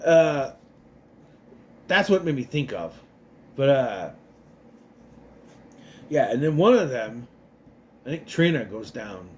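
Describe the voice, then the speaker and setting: A man's voice: medium pitch, sing-song, a little hiss or hum. A man recapping a TV episode in a casual, rambling way, restarting often and acting out the characters' lines. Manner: rambling, restarts a lot, acts out lines in quick voices.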